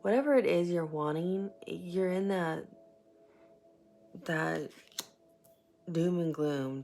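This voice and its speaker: A woman with a low, heavily gravelly voice gives a rambling, chatty tarot reading. She drifts into soft whispers now and then. A faint hiss sits behind her voice. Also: expressive, unhurried. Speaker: tarot reader. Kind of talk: casual tarot reading monologue.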